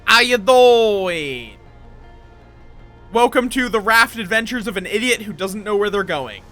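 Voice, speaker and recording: A man's voice: sits high, brisk, bright, forceful tone, faint music behind. A man live-streaming a game, chatting playfully with his viewers as he plays. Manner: rambling, playful, greets chat.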